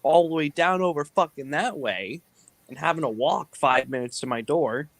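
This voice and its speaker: Man, higher voice, laid-back, casual swearing, group chat. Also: expressive, normal speed.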